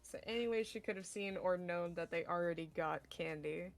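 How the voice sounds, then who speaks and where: A woman's voice: lowish voice, a little fast, faint music behind. A woman playing a tabletop role-playing game in casual chat, playful and laughing often. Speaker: player.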